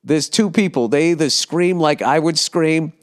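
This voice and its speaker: Profane rambling comedian, Boston accent. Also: male voice, fairly high pitch, normal speed. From United States. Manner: profane, animated, acts out yells and impressions. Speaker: comedian podcast host. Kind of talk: casual rambling monologue.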